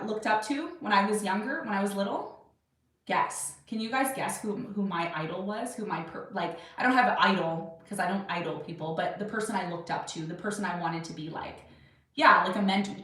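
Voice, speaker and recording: A woman's voice: medium pitch, fairly bright tone, distant mic. A woman in her thirties hosting an astrology livestream from her desk at home, chatting with viewers and answering their questions in a rambling, self-assured way. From Jamaican, Irish and Serbian heritage. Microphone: webcam or camera at a desk. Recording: very echoey room, voice set back from the mic.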